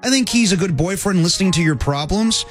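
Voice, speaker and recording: A man's voice: high-pitched, a little fast, soft background music. A man co-hosting a sports radio show, joking and teasing in casual banter. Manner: lively, jokey, teasing. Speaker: radio co-host.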